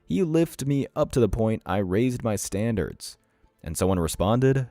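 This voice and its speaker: A man's voice: on the low side, sing-song, unhurried, dark tone, dry recording, faint music behind. A man hosting a reaction commentary, reading out comments and lecturing in a sardonic tone. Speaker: commentary channel host.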